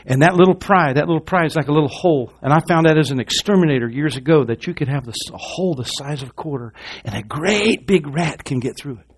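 Pastor, man, middle-aged, slightly high voice, calls and asks the congregation, swings loud to hushed. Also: quick pace, hardly any pauses. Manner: swings between loud rousing and low quiet delivery. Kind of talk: sermon. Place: church.

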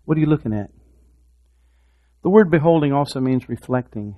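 A man preaching a sermon, swinging from hushed, repeated words to loud, impassioned exhortation. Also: mid-range voice, expressive, moderate pace, long pauses, lo-fi sound. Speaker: pastor.

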